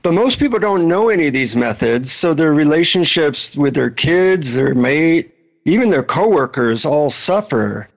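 A man who is a relationship author, talking as an interview guest and telling a story in a friendly, animated way. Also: a little high, normal speed, creaky, highs cut off.

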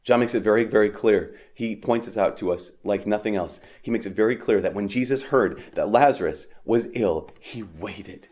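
A man preaching a homily at Mass in a conversational way, with frequent "like" and restarts, rising for emphasis and dropping soft on key lines. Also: fairly low pitch, a little fast, hardly any pauses.

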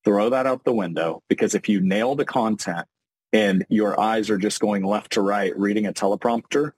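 A man hosting a podcast interview, a financial advisor talking animatedly and acting out quick examples. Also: on the low side, slightly rough, low-quality recording. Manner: animated, talks in quick bursts with acted-out examples.

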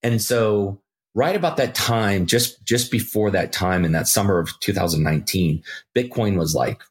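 A middle-aged man, a podcast guest, telling a story in casual talk and acting out the quoted lines with jumps in pitch. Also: normal speed. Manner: animated, acts out quoted dialogue with jumps in pitch.

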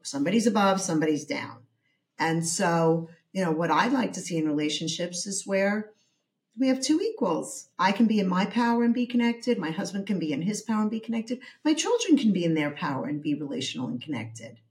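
A woman therapist and author being interviewed, explaining her ideas in a measured way with some hesitations. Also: mid-range voice, lively intonation, darkish tone. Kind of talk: interview conversation.

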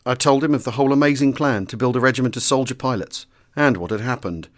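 A man narrating a wartime memoir as an audiobook reader, in a measured, formal storytelling manner. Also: mid-range voice.

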